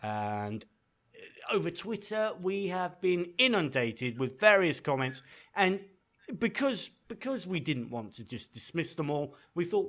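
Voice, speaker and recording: A male podcast co-host chatting casually and teasing his partner. His voice is bright and rather high, with lively, animated swings in pitch. The delivery is playful and quick to joke. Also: gravelly.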